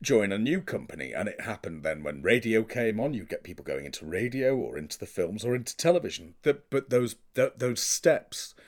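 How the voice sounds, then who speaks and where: Lively man telling stories. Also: lowish voice, a little fast, few pauses. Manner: enthusiastic, storytelling, trails off wistfully. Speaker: podcast co-host. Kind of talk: casual chat about old British television.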